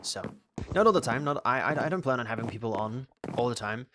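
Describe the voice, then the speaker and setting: A man's voice: medium pitch, lively intonation, fast, background noise. An Australian man streaming a game and chatting casually, rambling and restarting his sentences as he answers chat. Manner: reads out and answers chat questions. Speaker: live streamer.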